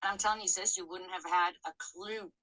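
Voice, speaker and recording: On a low-quality recording, a middle-aged podcast co-host candidly recounts her personal story, cursing openly and often using fillers and starting over. Her voice is lowish and sharp, with fairly even intonation and a slightly fast pace.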